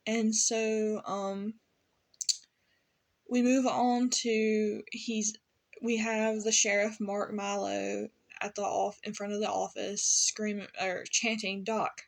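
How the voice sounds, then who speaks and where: A woman's voice: mid-range voice, level tone, takes it slowly, gravelly. A woman giving a casual, rambling spoken recap of a TV episode, with lots of fillers, quoted lines from the show, and her own laughs. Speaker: TV episode reviewer.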